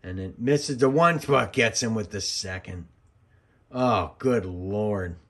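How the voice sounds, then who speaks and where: A man's voice: lowish voice, takes it slowly, a bit bright. A man, a former wrestling referee, giving casual, rambling commentary over old match footage and drifting into jokey side stories.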